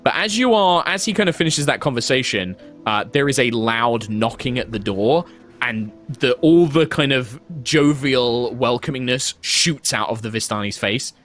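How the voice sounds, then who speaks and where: Game master, male, lively pitch, faint music under him. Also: normal speed. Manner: animated, descriptive. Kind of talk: narrating a tabletop game.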